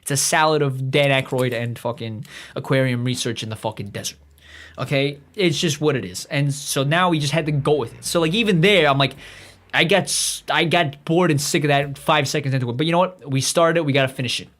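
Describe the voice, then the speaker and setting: A man's voice: on the high side, brisk, fairly bright tone. A man hosting a livestream, rambling through a profane monologue full of restarts and asides. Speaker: livestream host.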